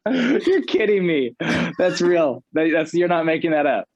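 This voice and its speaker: An American man, a guest author, talking in a casual interview in an animated, chatty way full of fillers. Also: a little high, measured pace, gravelly, dry recording, lo-fi sound. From United States.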